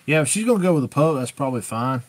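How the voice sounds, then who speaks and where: A man chats through viewer questions on a live stream. His delivery is folksy and plainspoken, rambling from point to point. His voice sits at an ordinary middle pitch for a man. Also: animated, very fast, no echo. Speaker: host answering viewer questions.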